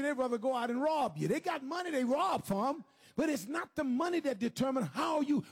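A man preaching a sermon, moving from hushed, low moaning to shouted, sing-song exhortation. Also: slightly rough.

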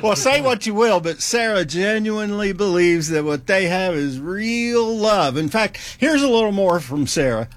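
A man's voice: high voice, lively intonation, moderate pace, few pauses, no room sound. A man hosting a talk show, wry and teasing, often chuckling between remarks. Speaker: host.

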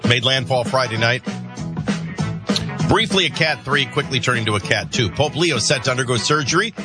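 A man's voice: mid-range voice, animated, moderate pace, over loud music. A man hosting a morning talk radio show, reading headlines and taking calls with chatty, jokey asides.

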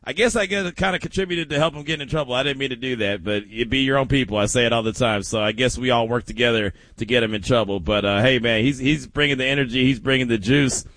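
A male sports radio host who reacts with laughter and animated mimicry of callers. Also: mid-range voice, fast talker, hardly any pauses, no echo.

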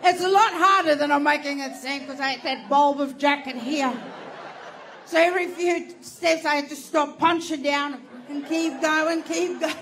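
High-voiced woman doing stand-up. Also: moderate pace, a faint crowd, a little hiss or hum. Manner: animated, profane, bursts into shouting. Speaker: stand-up comedian. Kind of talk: stand-up comedy storytelling.

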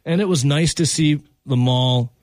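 A man's voice: fairly high pitch, moderate pace, a little mellow, no room sound, studio quality. A man co-hosting a casual sports radio show, joking with wry asides.

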